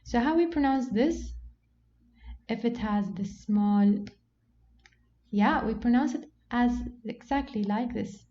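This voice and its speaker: A patient woman teacher explains step by step, pausing on "okay" and slowing down to model each word. Her voice sits fairly high and sounds mellow. The recording is dull and lo-fi, with a faint hiss behind it. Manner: patient, repeats "okay" often, slows to model words. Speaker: Quran recitation teacher. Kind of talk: explanatory lesson on reading marks.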